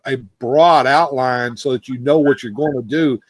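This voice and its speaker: A man's voice: medium pitch, moderate pace. A man hosting a loose, unscripted chat show, talking in a rambling way with many restarts. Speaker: host. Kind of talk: casual chat.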